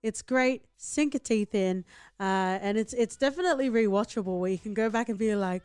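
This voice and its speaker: A woman's voice: medium pitch, normal speed, a little mellow, clear, resonant tone, no room sound, faint music behind. A woman co-hosting a podcast in casual chat, full of playful, teasing banter. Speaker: podcast co-host.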